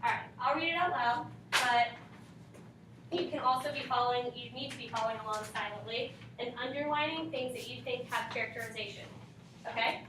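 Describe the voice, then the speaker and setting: A woman's voice: fairly high pitch, a little fast, noisy background. A woman teaching a class, reading and questioning her students, prompting them for answers. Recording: echoey classroom from far off.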